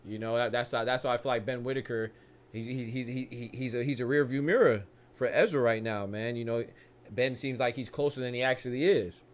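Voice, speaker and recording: A young man with a mid-range voice talks a little fast while giving excitable live commentary on a boxing match. He uses slang, laughs, and often restarts his sentences.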